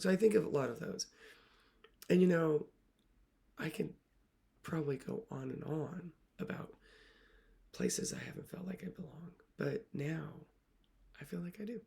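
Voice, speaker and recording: A woman literacy coach talks straight to her viewers in an earnest, emotional way. Her voice carries a strong gravelly fry, and she often lets her words fall away into a breathy near-whisper. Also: low voice, normal speed. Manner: soft-spoken, often dropping to a whisper. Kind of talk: reflective talk to camera.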